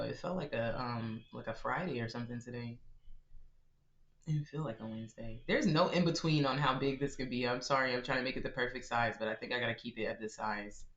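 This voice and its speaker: A man's voice: mid-range voice, a bit bright. A chatty man talks to his viewers while he plays a game on a live stream. He giggles between thoughts, calls his audience y'all, and stays easygoing. His voice sits in a middle range and sounds a little roomy and dull. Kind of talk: casual live-stream chat while gaming.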